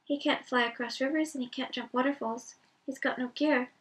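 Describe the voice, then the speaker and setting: A woman's voice: high-pitched, steady tone, a little fast, far from the mic, close to an everyday voice. A woman voicing Sam, a loyal, anxious male hobbit, with an earnest, rustic way of talking. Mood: fretful.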